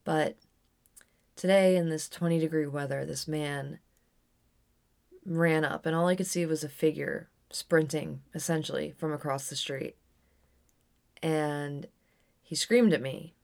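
A woman's voice: low voice, fairly even intonation, a little slow, creaky, pauses often, a little mellow. A young adult woman telling a personal story on her podcast in a candid, rambling way with frequent restarts. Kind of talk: casual storytelling monologue.

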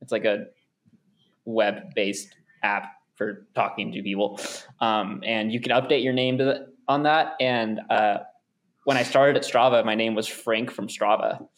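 A man's voice: lowish voice, steady tone, a little slow. A young man, a runner guest, telling rambling stories in casual chat and laughing often.

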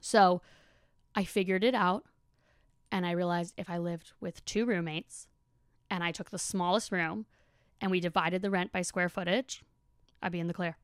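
A woman's voice: fairly low pitch, fairly even intonation, normal speed, long pauses, clear, resonant tone, no room sound, clean studio sound. A young woman hosting a podcast, telling a story in a chatty, casual way with lots of fillers and swearing. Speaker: podcast host. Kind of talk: casual monologue.

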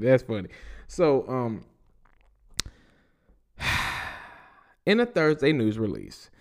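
A man with a Southern US accent hosting a podcast, reading news stories aloud and riffing on them with loose, profane commentary. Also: fairly high pitch. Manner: reads news aloud and riffs with laughs and profanity. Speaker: podcast host.

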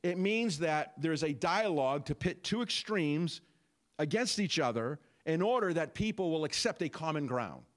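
A male pastor delivering a sermon in a fairly high, lively voice that rises and falls widely. He preaches with animation, asking rhetorical questions and tossing asides to his listeners. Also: moderate pace.

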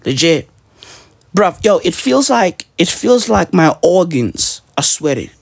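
A man delivering a profane, slang-heavy comedic rant on his weekly show, full of mock outrage and sudden high shouts. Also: slow pace, creaky, no echo, clean studio sound. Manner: profane, animated, peppered with slang. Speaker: comedy podcaster.

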